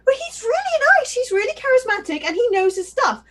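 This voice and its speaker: High, animated woman co-host chatting. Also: a little fast. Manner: animated storyteller, giggly. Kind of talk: casual livestream chat.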